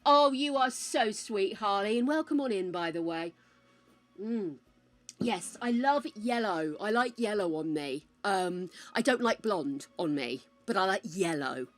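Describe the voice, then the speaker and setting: A woman's voice: mid-range voice, animated, a little slow. A woman hosting a casual live stream, chatting while she plays and calling her viewers pet names.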